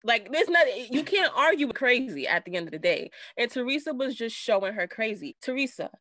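Slangy, animated woman podcast co-host. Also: on the high side, a little fast, no room sound. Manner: animated, slangy, does voices when quoting. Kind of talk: casual recap chat.

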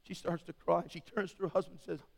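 A pastor in his sixties preaching an impassioned sermon, swinging from loud to hushed. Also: high-pitched, little pitch movement, fast talker, vocal fry. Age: 60s. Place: church sanctuary. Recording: long hall reverb.

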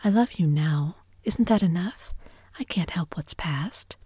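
Whispered role-play: a fraught young society wife, whispered by a woman, breathy and low. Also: a little slow, a little mellow, dry recording. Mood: pleading.

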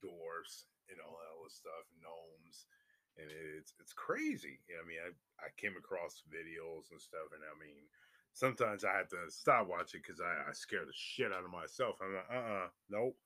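Animated man telling a story, swearing. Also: deep voice, moderate pace. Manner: animated, swears freely, voice jumps up in excitement. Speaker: vlogger. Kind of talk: casual storytelling.

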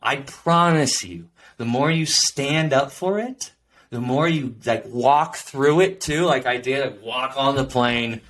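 A man's voice: mid-range voice, measured pace, fairly bright tone. A man hosting a solo podcast episode, talking in an earnest, rambling, reflective way with many fillers. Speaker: podcast host.

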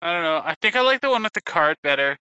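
Male streamer on a podcast, clear bright tone, dry and a little muffled. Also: fairly high pitch, very animated, fast talker, no echo. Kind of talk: casual chat. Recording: dry, slightly dull audio.

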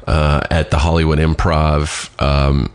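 A man's voice: very deep voice, flat delivery, a little slow, smooth. A man hosting a podcast, rambling and self-deprecating in casual chat. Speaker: podcast host.

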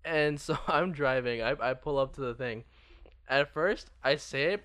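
A man's voice: mid-range voice, unhurried, a bit bright, clear, resonant tone. A young man casually telling a self-deprecating story, rambling with many fillers and laughing as he goes.

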